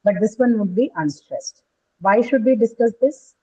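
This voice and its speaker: A woman's voice: on the high side, lively intonation, moderate pace, mellow, slightly rough. A woman teaching an English pronunciation class, often checking with "right?" and quizzing her students. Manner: tags statements with "right?", questions students. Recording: dull lo-fi recording.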